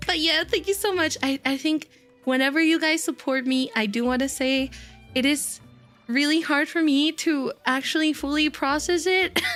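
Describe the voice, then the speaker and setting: A woman's voice: high voice, fairly bright tone. A woman streamer chatting casually with her viewers, giggly and gushing and laughing often. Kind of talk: casual live-stream chat.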